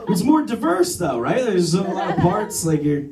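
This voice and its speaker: A man's voice: sits high, very animated, normal speed, noisy background. A young man doing a crude, rambling stand-up set. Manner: crude, rambling, self-deprecating delivery. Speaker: stand-up comedian. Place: comedy club stage. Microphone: phone camera from the audience. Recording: roomy club sound, phone from far off. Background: crowd laughing.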